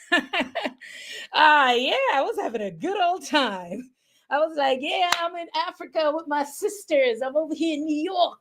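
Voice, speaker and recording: A young woman with a Jamaican accent and a high voice hosts a relaxed livestream. She chats freely with her viewers and reads their comments aloud. Her laughter comes often between stories. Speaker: livestream host. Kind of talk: casual livestream chat. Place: home in New York.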